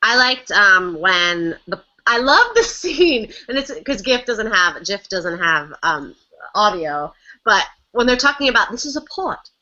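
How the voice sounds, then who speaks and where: A woman co-hosting a casual fan chat, lively and self-deprecating, laughing often. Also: medium pitch, unhurried. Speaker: podcast co-host. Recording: muffled lo-fi audio.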